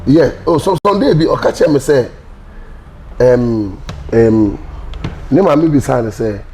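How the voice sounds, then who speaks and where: A man's voice: mid-range voice, expressive, slow pace, a little mellow, poor audio. This is a Ghanaian man telling his side of things as an interview guest, in a mid-range voice. He mixes Pidgin and English and acts out the lines other people said to him. A faint hiss runs under the recording. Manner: mixes Pidgin and English, acts out quoted dialogue, laughs often. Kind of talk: animated storytelling interview.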